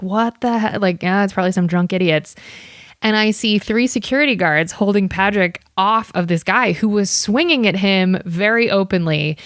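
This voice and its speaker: A woman podcast host, chatty and animated, telling stories in casual conversation. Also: mid-range voice, no room sound, studio quality. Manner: chatty, laughs often, animated storytelling. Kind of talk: casual chat.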